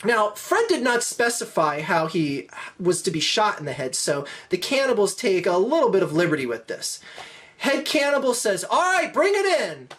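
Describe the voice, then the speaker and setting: A woman telling a long comedic joke, animated, her voice swinging high and low. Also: moderate pace. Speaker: joke teller.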